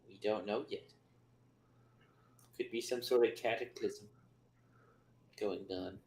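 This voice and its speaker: A man's voice: lowish voice, steady tone, slow, darkish tone, roomy sound, a little hiss or hum. A man playing in a tabletop game, asking questions and musing aloud. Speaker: player. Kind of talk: casual tabletop game chat.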